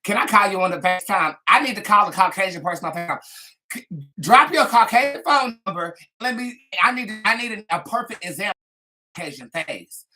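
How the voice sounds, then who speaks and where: A woman's voice: mid-range voice, lively intonation, fairly quick, bright, forceful tone. A woman hosting a live tarot stream, chatting in a sassy, gossipy way between readings. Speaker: tarot reader and livestream host. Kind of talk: casual livestream chat and tarot reading.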